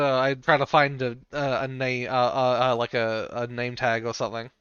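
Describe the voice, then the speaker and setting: Man, tabletop player, bright and smooth, hesitant, dull lo-fi recording. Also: mid-range voice, flat delivery, normal speed, no echo. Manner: hesitant, many fillers. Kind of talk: tabletop game play.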